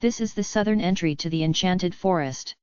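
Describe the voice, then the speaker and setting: A woman's voice: on the low side, fairly quick, clear, resonant tone, dry recording, lightly acted. A woman voicing a cheerful, knowing female guide in an audiobook, in a dull, dry recording. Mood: friendly.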